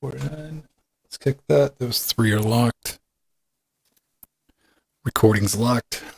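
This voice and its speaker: A man's voice: medium pitch, slow pace, creaky, husky, no echo. A man hosting a casual live podcast, rambling and chuckling as he talks. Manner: rambling, chuckling, self-interrupting. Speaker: podcast host.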